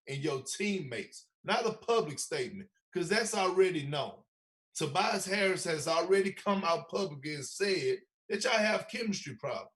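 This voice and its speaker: A man talks basketball on a casual podcast, voicing his opinions with emotion and heat. His voice sits a little high for a man. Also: fairly bright tone. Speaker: podcast co-host. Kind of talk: casual sports talk.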